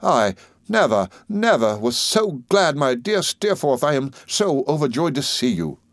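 A man's voice: medium pitch, lively intonation, fast talker, dry recording, clean studio sound, close to an everyday voice. A man reading an audiobook, voicing an earnest, effusive young man. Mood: eager. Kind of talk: audiobook character voice.

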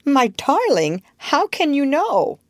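A woman reading aloud and voicing a gentle, apologetic grown-up mother. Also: high-pitched, wildly swooping pitch, slow pace, dry recording, clean studio sound, pitched above the performer's own voice, exaggerated voice. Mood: tender. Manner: tender, apologetic. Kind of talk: storybook reading.

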